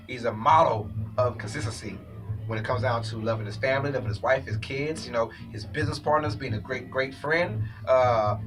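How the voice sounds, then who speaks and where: A man hosting a sports talk show, giving an opinionated, animated commentary monologue and addressing viewers as ladies and gentlemen. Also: mid-range voice, distant mic, low-quality recording.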